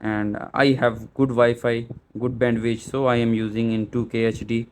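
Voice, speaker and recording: Medium-pitched and level, a man talks at a moderate pace while showing viewers how to set up a camera step by step in a small store. As a tech tutorial presenter he is hesitant, filling gaps and restarting often, with slight background noise behind him.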